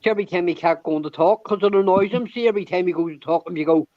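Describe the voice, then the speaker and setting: A man's voice: sits high, fast, dry recording, lo-fi sound. A man, hosting a livestream panel and telling stories in rambling, swear-heavy casual banter. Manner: swears constantly, rambling, repeats "they got there".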